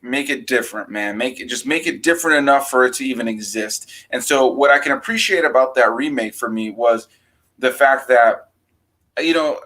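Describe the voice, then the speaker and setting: A man chatting casually about horror films, rambling and animated, breaking into raised-voice impressions of quotes. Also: medium pitch, rough recording. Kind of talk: casual film discussion.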